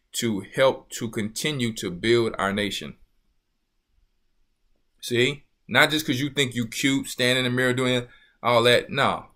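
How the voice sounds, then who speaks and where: Bright-voiced preaching man, emphatic. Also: medium pitch. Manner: emphatic, rhetorical questions, scolding. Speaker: church elder. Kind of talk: preaching talk.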